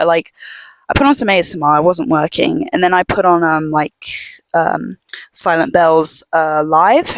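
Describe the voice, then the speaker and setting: Soft-spoken young woman, rambling chat. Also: fairly low pitch, dry recording. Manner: rambling, filler-heavy storytelling with many "like"s; drops to a hush at times. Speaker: podcast host. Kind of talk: casual chat. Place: home.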